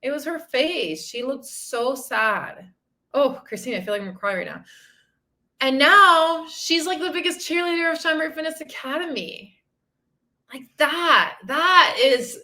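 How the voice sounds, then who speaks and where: A woman in her thirties who coaches fitness and mindset talks openly to her listeners on a podcast. Her voice sits high and rings bright and forceful. She speaks with candid emotion and steady encouragement, dropping the odd swear word. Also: measured pace. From outside the country she lives in. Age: 30s. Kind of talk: solo podcast talk.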